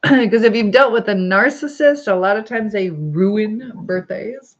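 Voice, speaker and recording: A woman's medium-pitched voice, at a measured pace, comes through a muffled phone or webcam livestream recording. As host, she reads viewer comments aloud cheerfully and chattily, laughing often and leaning on fillers.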